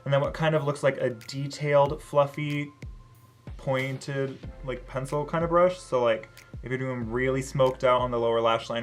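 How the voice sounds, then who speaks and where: A beauty vlogger chatting casually through a product review, full of "like" and "um", sassy, swearing freely and bursting into loud excited exclamations. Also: mid-range voice. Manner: chatty, many "like" and "um" fillers.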